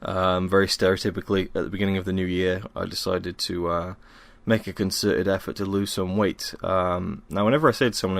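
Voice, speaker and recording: A man's voice: deep voice, flat delivery, a little fast, gravelly, hardly any pauses, dry recording. A young man from Wales, hosting a casual solo podcast at home, rambling and self-deprecating with many ums, tired after a workout. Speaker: podcast host.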